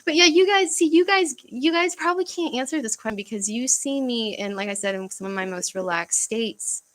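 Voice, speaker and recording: A young woman chatting casually on a livestream from home, halting and searching for words, with frequent fillers and sighs. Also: a little high, rough recording. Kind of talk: casual livestream chat reading comments.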